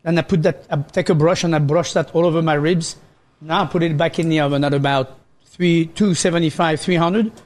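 A man's voice: on the high side, steady tone, brisk, darkish tone. A man with a French accent, a chef casually explaining how he cooks his ribs, step by step. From France. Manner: explains a recipe step by step with fillers. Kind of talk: casual cooking chat.

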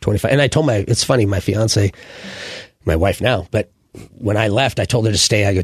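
Guest, 40s male, rambling animated storyteller, low husky voice, dry close sound. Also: fairly quick, no room sound. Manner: rambling, animated anecdotes with fillers and restarts. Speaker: guest, former sports mascot. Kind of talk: casual interview storytelling.

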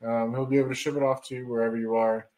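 A man's voice: medium pitch, flat delivery, very fast, mellow, rough recording. A man co-hosting a podcast, answering in a laid-back, dry way with short replies. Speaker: podcast co-host. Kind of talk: casual chat.

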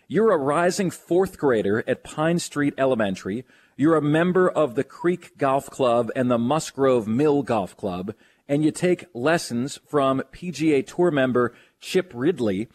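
A man hosting a sports radio show, enthusiastic and joking as he interviews a guest. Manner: enthusiastic, joking, swings pitch widely.

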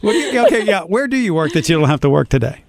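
A man hosting a morning radio show, joking and quick, with frequent playful restarts. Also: on the high side, sing-song, vocal fry, a crowd in the background. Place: radio studio.

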